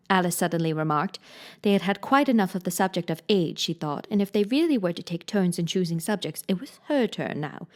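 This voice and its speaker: A woman narrating a children's classic as an audiobook, in a gentle, even storytelling manner. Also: lowish voice, a little fast.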